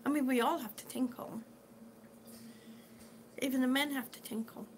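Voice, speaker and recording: A woman's voice: high-pitched, steady tone, moderate pace, slight background noise. A woman chatting on a live stream, reading out viewer comments in an affectionate, chatty way and calling people sweetie. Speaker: vlogger reading live chat. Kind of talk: casual live-stream chat.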